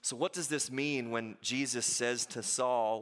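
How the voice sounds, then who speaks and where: A man preaching a sermon with animated delivery, often acting out the voices of the people he quotes. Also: mid-range voice, unhurried, hardly any pauses. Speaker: pastor. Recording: hall reverb.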